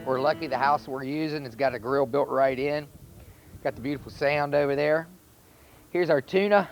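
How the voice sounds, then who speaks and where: A man with a North Carolina accent, a chef talking through a cooking demonstration in a relaxed, plainspoken way. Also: on the high side, moderate pace, soft background music. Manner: relaxed, plainspoken, step-by-step instruction. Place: outdoor charcoal grill by a house. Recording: dull lo-fi VHS recording.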